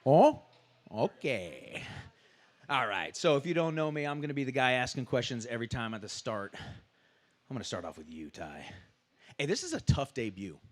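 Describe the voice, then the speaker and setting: A man's voice: mid-range voice, very animated, moderate pace. A man who commentates fights, moderating a press conference and asking fighters questions in a chatty, enthusiastic way with lots of fillers.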